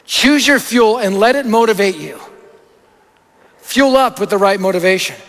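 A man preaching a sermon, telling a story with animated, punchy delivery. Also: extremely high pitch. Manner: animated, anecdotal, punchy lists. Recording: echoey hall.

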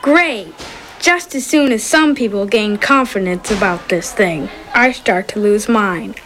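A woman's voice: medium pitch, measured pace, fairly bright tone, close to an everyday voice. A woman voicing a wry, sarcastic schoolboy with new braces in a cartoon. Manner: dry, sarcastic.

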